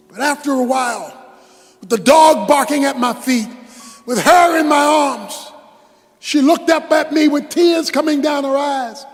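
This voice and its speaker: An older man preaching a sermon, impassioned and shouting for emphasis. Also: very high-pitched, measured pace, long reverb tail, soft background music. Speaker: pastor.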